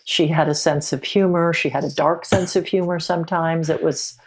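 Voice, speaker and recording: A middle-aged woman who is a podcast guest, telling a personal story in a reflective, halting way with frequent restarts. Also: low-pitched, steady tone.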